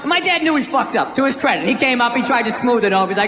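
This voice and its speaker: An American man doing stand-up, ranting sarcastically with a lot of swearing and sudden shouted bursts, recorded live in a venue. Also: very high-pitched, animated, fast talker. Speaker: stand-up comedian. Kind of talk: stand-up comedy set. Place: live comedy venue stage. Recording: echoey hall with loud crowd laughter. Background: audience laughter.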